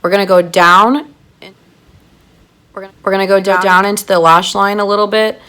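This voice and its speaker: A woman giving a chatty makeup tutorial, gushing and excitable as she talks to her viewers. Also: mid-range voice, fairly quick, clean tone. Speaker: makeup artist doing a tutorial.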